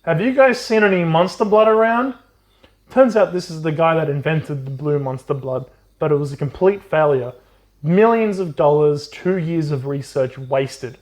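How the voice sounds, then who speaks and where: A man co-hosting a podcast, casually retelling a children's book plot with swearing and quick silly voices for the characters. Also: a little high, darkish tone. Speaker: podcast co-host. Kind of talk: casual book recap chat.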